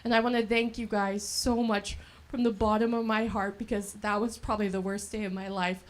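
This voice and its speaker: She's in her thirties, hails from El Dorado County, California, and addresses a brewery fundraiser as a scholarship recipient. Her mid-range voice stays level in tone and runs fairly quick while she chats and laughs through her own story.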